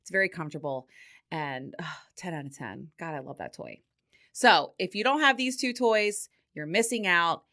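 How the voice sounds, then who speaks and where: A woman's voice: lowish voice, animated, normal speed, sharp tone. A middle-aged woman hosting a podcast, telling a story casually and swearing freely, with frequent laughter. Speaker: podcast host.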